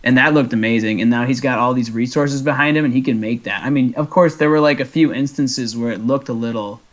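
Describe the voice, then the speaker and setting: Excitable young man on a fan podcast. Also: mid-range voice, fairly quick. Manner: excitable, laughing storyteller. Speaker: podcast co-host. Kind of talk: casual chat.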